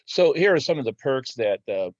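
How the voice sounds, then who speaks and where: A man hosting a casual crypto video, talking over slides in a halting way with many fillers and restarts. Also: medium pitch, sing-song, no room sound. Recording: dull, slightly lo-fi dry sound.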